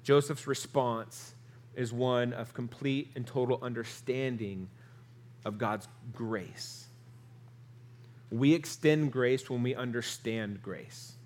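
A male pastor preaching an earnest sermon, his voice rising through lists and dropping soft on the key lines. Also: medium pitch, slow.

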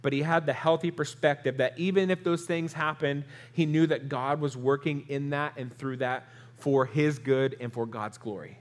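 A male pastor preaching an earnest sermon, his voice rising through lists and dropping soft on the key lines. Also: mid-range voice, steady tone, moderate pace, hardly any pauses.

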